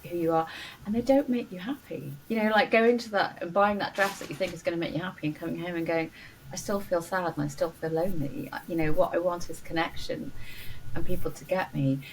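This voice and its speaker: A woman's voice: on the low side, fairly quick, recorded from a distance, low-quality recording. Earnest woman guest, slightly off-mic. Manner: earnest, encouraging, many "you know" fillers. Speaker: doctor and coach, podcast guest. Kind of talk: warm interview conversation. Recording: faint noise, voice a bit off-mic.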